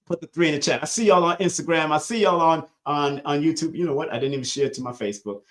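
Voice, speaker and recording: A man hosting a live-streamed spiritual lesson, preachy and emphatic, repeating lines for weight. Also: quick pace. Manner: swings between loud high bursts and low quiet asides.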